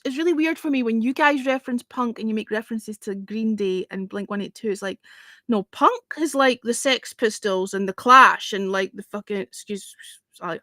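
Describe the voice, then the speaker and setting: A woman's voice: a little high, sharp tone, dry recording, studio quality. A woman hosting a music review livestream, chatting casually and opinionatedly with lots of "you know" and the odd swear word.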